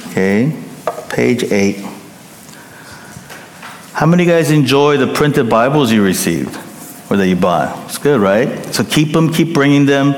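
A man preaching a sermon as pastor, emphatic, rising to loud peaks and dropping to hushed endings, often checking in with the congregation. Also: medium pitch, lively intonation, a little slow, pauses often, slight background noise. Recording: long hall reverb.

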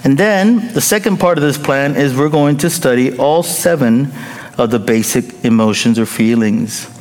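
A man's voice: mid-range voice, normal speed, darkish tone. A middle-aged male pastor preaching a sermon in a playful, joking way, chuckling often. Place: large church hall. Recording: reverberant hall with faint noise.

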